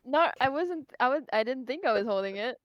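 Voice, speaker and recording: A woman's voice: high-pitched, expressive, a little fast, no echo, highs cut off. A young woman playing a tabletop game on a call, hesitant and giggly, thinking aloud over her moves. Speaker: player. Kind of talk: casual game chat.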